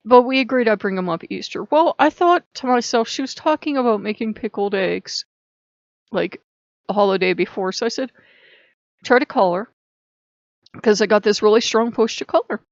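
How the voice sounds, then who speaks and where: Woman vlogger, fairly high voice, rambling chatty delivery, muffled dry recording. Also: a little fast, no echo. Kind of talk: casual storytelling to camera. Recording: dull lo-fi dry sound.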